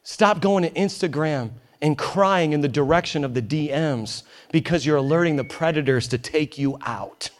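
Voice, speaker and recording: A man's voice: fairly high pitch, moderate pace, few pauses. A man pastor preaching a sermon in a church, emphatic and conversational with joking asides. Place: church in New York.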